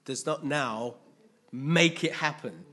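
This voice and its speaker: A man's voice: fairly high pitch, slow, bright, forceful tone, slightly rough. A man preaching a conversational sermon, often checking in with his listeners.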